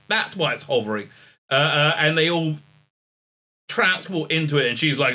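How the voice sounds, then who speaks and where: Sarcastic man with a very bright voice. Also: fairly high pitch, sing-song, normal speed, pauses often. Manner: mocking, exasperated, many "uh, uh" fillers. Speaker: show host reviewing a TV episode. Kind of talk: sarcastic episode recap.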